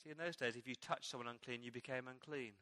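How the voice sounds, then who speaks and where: A man preaching a sermon as pastor, telling a Bible story with animated storytelling and acting out the quoted lines. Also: medium pitch, fast talker, no echo. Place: church.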